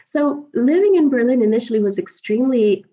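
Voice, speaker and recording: Lively woman telling her story, lo-fi. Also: on the high side, a little fast. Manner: lively, laughs often, retells dialogue animatedly. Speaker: podcast guest. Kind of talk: storytelling interview chat. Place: at home. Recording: dull lo-fi sound.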